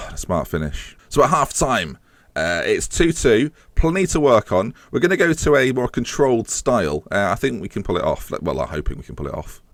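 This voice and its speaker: A man with a sarcastic, animated manner, commentating on his own football management game as a gaming YouTuber. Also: lowish voice, a little fast, no room sound, studio quality. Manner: animated, sarcastic, swings between mock-commentary and exasperation.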